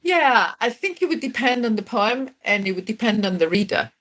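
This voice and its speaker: A woman poet from Mexico answering interview questions in a thoughtful, soft-spoken way with hesitant fillers. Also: fairly high pitch, sing-song, moderate pace. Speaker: author and poet. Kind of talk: casual interview conversation.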